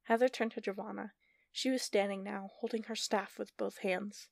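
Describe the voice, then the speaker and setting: A woman narrating a fantasy story in a steady, measured audiobook style. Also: mid-range voice, vocal fry, dry recording, studio quality.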